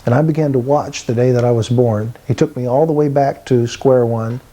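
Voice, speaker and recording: A man's voice: medium pitch, steady tone, brisk, mellow, poor audio. A man in his sixties from Texas giving an earnest, vivid spoken testimony about his life. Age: 60s. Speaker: testimony speaker.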